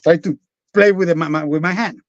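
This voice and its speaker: A man with a high-pitched voice tells his own story in a candid, rambling way, swearing freely and talking bluntly. The sound is dry and close, and a bit dull and lo-fi. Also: fairly even intonation, fairly quick, dry recording. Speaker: podcast guest.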